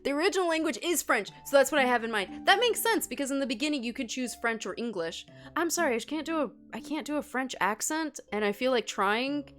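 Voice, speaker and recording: A young woman playing through a game and chatting excitedly with viewers as she reacts out loud. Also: high voice, a little fast, soft background music. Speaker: gaming streamer. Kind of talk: let's play commentary.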